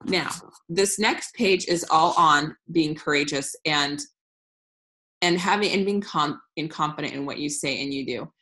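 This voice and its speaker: A woman in her thirties gives a casual, upbeat business training talk over screen share, frank and full of restarts. Her deep voice is a little slow with a sharp tone.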